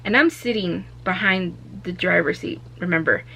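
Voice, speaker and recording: A young woman vlogger from Arizona telling a story in a casual, animated way, acting out what people said. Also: fairly low pitch, normal speed, gravelly, slight background noise. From Arizona, USA. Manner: animated, acts out quotes with raised voice.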